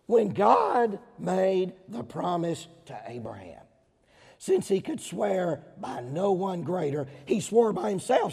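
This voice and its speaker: A middle-aged man from Georgia with a Southern accent, preaching a sermon emphatically, swinging between loud stressed words and quieter asides. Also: high-pitched, sing-song, slow pace, gravelly, slightly rough. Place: large hall with audience. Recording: hall reverb.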